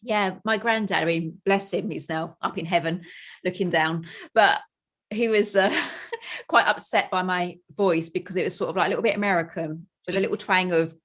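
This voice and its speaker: A woman's voice: lowish voice, normal speed, fairly bright tone. A woman from the UK, a podcast guest, talking in a chatty, upbeat way with frequent laughter. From United Kingdom. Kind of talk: casual chat.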